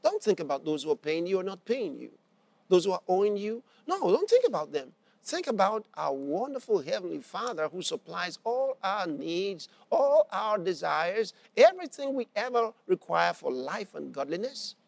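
A man delivers a sermon in a high voice with a gravelly edge. He tells a story and acts out its characters' lines, driving points home by repeating them. The sound is close and dry. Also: big pitch swings, normal speed, darkish tone, no room sound. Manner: repeats phrases for emphasis. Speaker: preacher.

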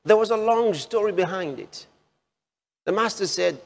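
A man preaching a sermon slowly, repeating key phrases for emphasis with drawn-out pauses. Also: sits high, expressive, gravelly. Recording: long hall reverb.

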